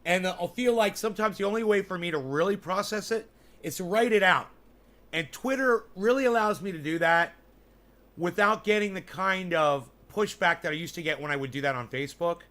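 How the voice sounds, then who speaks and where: This man's voice is high, brisk, bright and pushed as he vlogs from his mountain home. Casual and foul-mouthed, he rambles on, talking directly to the people watching.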